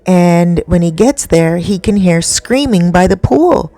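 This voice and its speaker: A woman telling a spooky story in a chatty, animated way with many asides to the listener. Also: on the low side, unhurried, no room sound.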